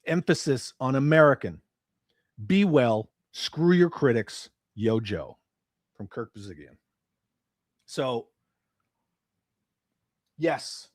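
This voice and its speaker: Profane, animated ranting man. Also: on the high side, dry recording, clean studio sound. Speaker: livestream host. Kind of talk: ranting commentary livestream.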